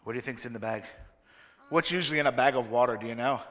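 A man's voice: medium pitch, fast talker, fairly bright tone. A man giving a children's sermon in a church, playfully asking the children many questions. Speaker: children's minister. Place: church sanctuary. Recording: reverberant church hall.

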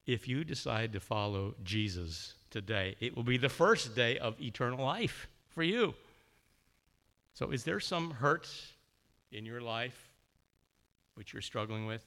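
A man's voice: mid-range voice, animated, a little slow, bright, forceful tone. A man preaching a sermon, telling a story with feeling and briefly voicing the characters.

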